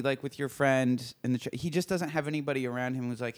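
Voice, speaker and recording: A man's voice: on the high side, fast talker, few pauses, dry recording. A man in casual conversation, talking freely and filling his speech with "like" and "right?". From United States. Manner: talkative, fills with "like" and "right?".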